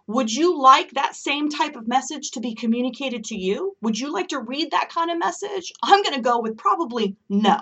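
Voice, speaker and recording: A woman's voice: fairly high pitch, animated, normal speed, a bit bright, husky, far from the mic. Fired-up woman ranting, a bit off-mic. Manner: emphatic, ranting, keeps asking "okay?". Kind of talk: impassioned solo monologue.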